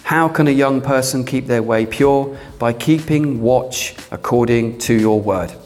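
A man's voice: medium pitch, a little slow. A middle-aged man preaching a fervent sermon, often breaking into hallelujah and amen. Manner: fervent, animated, fond of interjections like hallelujah and amen.

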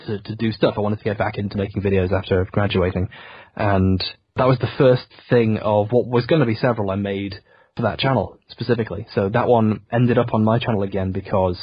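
Here the same guest sounds slightly rough and fairly low, still dry in the recording. Though from Yorkshire, England, he carries a generic southern English accent, and over the muffled remote line he chats loosely in the interview, putting himself down and filling gaps with ums and ahs.

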